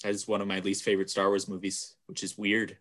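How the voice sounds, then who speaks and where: A man in casual conversation about movies, recapping scenes with loud, animated exclamations and frequent laughter. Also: fairly low pitch, fast talker. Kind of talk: casual chat.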